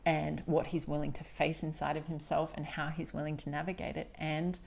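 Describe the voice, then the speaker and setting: A woman's voice: deep voice, flat delivery, a little fast, gravelly, a little mellow. A woman hosting a solo podcast, speaking candidly and emphatically, often swearing. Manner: candid, confessional. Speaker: podcast host.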